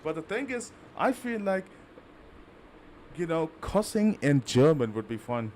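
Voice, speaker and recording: A man's voice: a little high, very animated, unhurried, darkish tone, slight background noise. A man from India with an Indian accent, chatting casually and rambling with many fillers while livestreaming a game. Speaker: livestreaming gamer. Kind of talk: casual live-stream chat.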